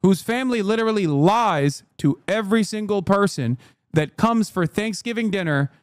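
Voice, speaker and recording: A man's voice: sits high, lively intonation, moderate pace, clear, resonant tone, no echo, clean studio sound. A man in his thirties streaming a profane, combative rant straight at his chat. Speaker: streamer reacting to news.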